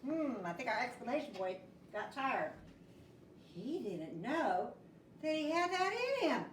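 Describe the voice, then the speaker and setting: A woman teacher reads a storybook to young children. Her voice is high and swoops up and down, and she takes her time. She sounds a little distant, in an echoey room. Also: big pitch swings, a little slow, a little hiss or hum. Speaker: first grade teacher. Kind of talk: reading a picture book aloud to children.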